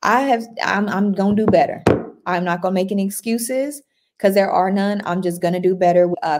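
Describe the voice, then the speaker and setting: A woman chatting on a livestream. She talks warmly and casually, thanks her viewers and reads their comments aloud. Her voice sits in an ordinary middle pitch. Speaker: livestream host. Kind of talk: casual live-stream chat.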